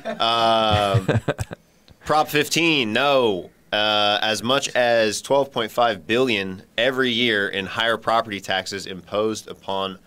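Lower-voiced man, joking and matter-of-fact. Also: slow, sharp tone, smooth. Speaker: studio guest on a radio show. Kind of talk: casual talk radio, reading aloud.

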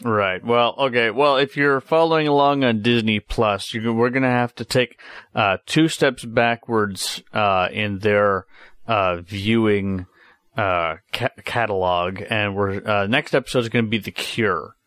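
A man co-hosting a podcast in casual review chat, halting with many fillers. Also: lowish voice, fairly even intonation, fairly bright tone, smooth, dry recording. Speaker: podcast co-host.

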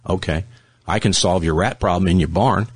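A man's voice: low voice, moderate pace, slightly rough, no room sound. A man hosting a casual political talk show, cynical and blunt, swearing freely. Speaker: show host.

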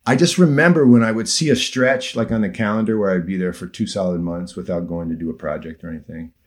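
Low-voiced and quick, this man hosts a laid-back chat full of long stories. His storytelling is relaxed but occasionally turns emotional, slipping into gentle asides.

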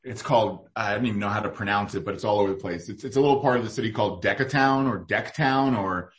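A man's voice: fairly low pitch, fast talker. A man in casual podcast chat, rambling with lots of fillers and restarts. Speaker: guest food reporter.

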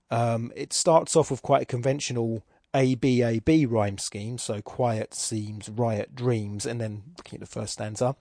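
A man's voice: mid-range voice, darkish tone, no room sound, clean studio sound. Thoughtful Irish man musing on a poem. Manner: thinking aloud, many restarts and fillers. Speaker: podcast host. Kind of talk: casual spoken poetry analysis.

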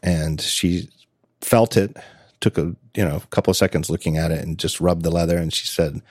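A middle-aged man talking in a casual podcast chat, animated and laughing often, with halting restarts. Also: low-pitched, husky, no room sound, clean studio sound. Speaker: podcast guest.

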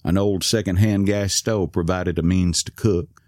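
A man narrating a story in a calm, measured reading. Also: low voice, no echo, studio quality. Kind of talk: scripted narration.

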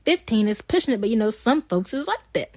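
A woman co-hosting a podcast, telling a story in an animated, exasperated way. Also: a little high, a little fast, no room sound. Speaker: podcast co-host. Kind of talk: casual storytelling chat.

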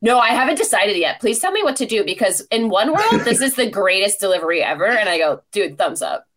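Speaking at a quick pace in a mid-range voice, a podcast host chats casually and animatedly as she tells a story, laughing frequently along the way.

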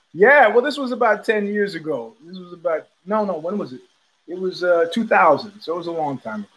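A man's voice: high-pitched, animated, normal speed, husky, muffled recording. An older man hosting a casual talk show, rambling through stories and acting out the voices of people he quotes. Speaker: podcast host. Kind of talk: casual storytelling chat.

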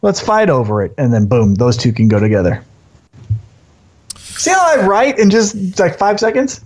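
A man co-hosting a casual wrestling podcast, talking in an animated way and briefly acting out wrestlers in put-on voices. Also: high voice, moderate pace. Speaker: podcast co-host. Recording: dull lo-fi sound.

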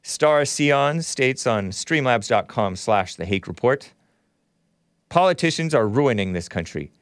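A man's voice: medium pitch, animated, a little slow, dry recording, studio quality. A man hosting a livestream show, reading viewer chats aloud and giving blunt, opinionated commentary as he thinks aloud.

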